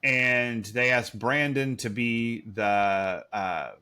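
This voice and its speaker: A man's voice: mid-range voice, extremely slow, pushed and bright, clean tone. A man co-hosting a podcast, recapping a TV episode in rambling, sarcastic, profane casual chat. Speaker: podcast co-host.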